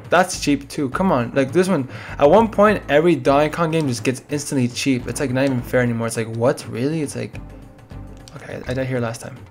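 A man's voice: medium pitch, brisk, a little mellow, soft background music. A tired young man rambling through casual gameplay commentary, with lots of "like" and side stories. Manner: rambling, chatty, frequent "like". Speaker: let's play gamer.

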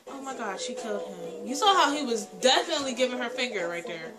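A woman's voice: fairly high pitch, animated, fast talker, few pauses. A woman giving casual reaction commentary on a music video, chatty and exclaiming, often breaking into laughter. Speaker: reaction vlogger. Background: music video song playing.

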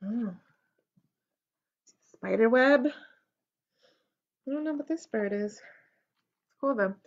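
A woman with a bright, high voice reads aloud slowly for a children's story time. She is gentle and encouraging, pausing to gasp at the pictures. The sound is dull and lo-fi. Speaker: children's librarian.

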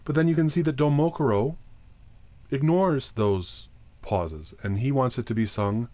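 A man's voice: mid-range voice, animated, quick pace, mellow, no room sound. A man giving a recorded lecture on chant. He explains plainly, often restarts his sentences, and now and then sings short examples. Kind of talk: recorded talk.

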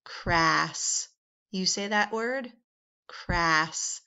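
A woman leads a slow, deliberate phonics drill on vowel sounds, patient and encouraging as she draws out each sound. Her voice is on the low side, bright, forceful, and clean in tone, with drawn-out words. The recording sounds slightly dull and lo-fi.

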